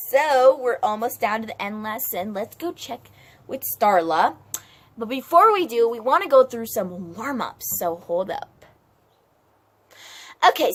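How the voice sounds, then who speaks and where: A woman runs a playful mock Spanish lesson, chatting freely with lots of fillers and repeated words. Her medium-pitched voice rises and falls in a lively way. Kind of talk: playful home video lesson.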